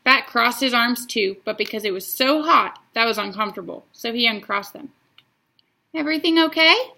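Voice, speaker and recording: A woman reading a children's chapter book aloud, drawing out the words in an expressive storytelling way. Her voice is bright and fairly high, with a gravelly fry at the ends of lines. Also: moderate pace. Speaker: reader.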